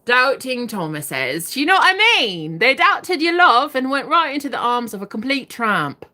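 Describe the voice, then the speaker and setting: A woman's voice: on the high side, sing-song, normal speed, pushed and bright. A young woman giving live-stream tarot readings, chatting casually, swearing freely and laughing often. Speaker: tarot reader.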